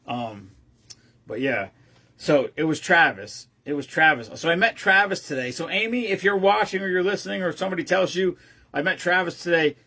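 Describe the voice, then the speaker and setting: A man's voice: fairly high pitch, vocal fry, fairly bright tone, slightly rough. A man hosting his own show, telling a long-winded, rambling story casually with lots of restarts. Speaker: host of a veteran care-package group.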